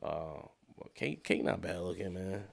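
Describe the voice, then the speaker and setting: Man, lowish voice, casual recap vlog, animated, slangy, cursing freely. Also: unhurried, gravelly. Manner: animated, slangy and profane, acts out characters' lines. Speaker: TV show recap commentator.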